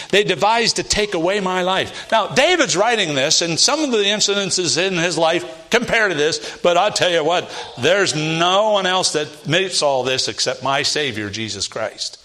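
A male preacher walks his congregation through scripture in a bright, slightly raised voice. He reads the verses with rising force and then sinks into soft, low asides. He questions his listeners and answers himself. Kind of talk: sermon, reading and expounding scripture.

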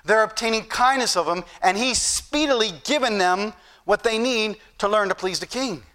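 A man's voice: high voice, moderate pace, pushed and bright. A middle-aged man preaching a sermon, telling stories and acting out the dialogue with rising emphasis.

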